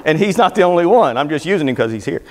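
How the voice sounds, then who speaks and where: A middle-aged man talks fast in a voice on the high side with big pitch swings, giving a motivational seminar talk to a live audience. The large hall carries some chatter behind him as he jokes, spins anecdotes and chats folksily.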